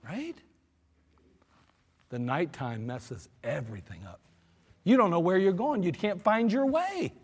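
Animated preacher in an echoing hall. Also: male voice, sits high, moderate pace, husky. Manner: animated storyteller, acts out voices. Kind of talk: sermon with storytelling. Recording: long hall reverb.

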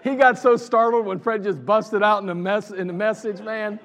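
A man with an Ohio accent preaches to his congregation about the church's early years, telling stories with lively energy and laughing at them. His voice sits slightly high for a man. The service recording carries the long reverb of a church hall. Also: moderate pace. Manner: animated storyteller, laughs at his own stories. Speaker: pastor. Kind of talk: anniversary sermon storytelling. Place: church sanctuary.

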